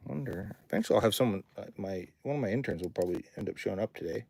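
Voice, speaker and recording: A man's voice: lowish voice, expressive, very fast, gravelly, darkish tone. Rambling male studio owner on livestream. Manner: rambling, reads viewer comments aloud. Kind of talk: casual livestream chat. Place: home recording studio.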